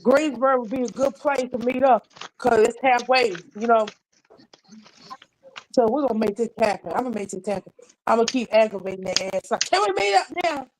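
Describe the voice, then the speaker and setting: Woman, somewhat high voice, casual live-chat guest, rambling and laughing. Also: a little hiss or hum, poor audio. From North Carolina. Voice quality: loud laughing, rambling with repeated restarts.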